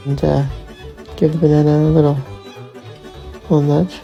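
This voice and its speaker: A woman's voice: low voice, steady tone, normal speed, vocal fry, dark tone. A woman casually chatting to her pet cat in a playful, teasing baby-talk way. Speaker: cat owner. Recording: music playing behind the voice.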